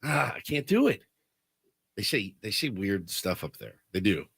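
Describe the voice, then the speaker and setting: Lively, bright-voiced male radio host. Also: lowish voice, a little slow, vocal fry, husky, no room sound. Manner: excitable, prone to loud bursts of laughter. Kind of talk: animated radio banter. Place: radio studio. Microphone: studio microphone.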